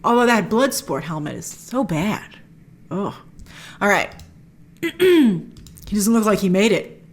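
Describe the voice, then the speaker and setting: A woman hosting a film trailer reaction, chatting in a casual, opinionated way with quick asides and quoted voices. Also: mid-range voice, very animated.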